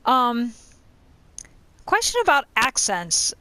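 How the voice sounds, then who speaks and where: A woman's voice: fairly high pitch, big pitch swings, takes it slowly, bright, forceful tone, no room sound. Chatty woman thinking aloud while gaming. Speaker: gamer playing and commenting. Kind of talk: casual let's-play commentary.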